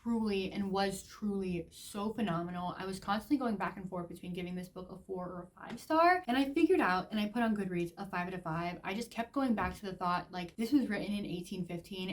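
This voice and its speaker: A woman's voice: mid-range voice, brisk, hardly any pauses. A woman book vlogger giving a casual, gushing review, chatty and full of "like" fillers. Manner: gushing, chatty, heavy use of "like".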